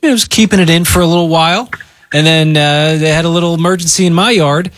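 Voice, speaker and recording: A man's voice: a little high, fast, fairly bright tone, no room sound. A man hosting a casual morning radio show, telling joking stories from a studio. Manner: laid-back, joking storyteller.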